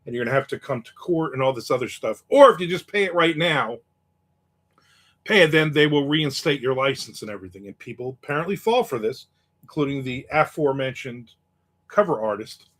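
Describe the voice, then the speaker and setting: A man's voice: medium pitch, animated, fairly quick, fairly bright tone. A man hosting a casual live chat, telling stories in a wry, cynical way and reading out viewer comments. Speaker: host.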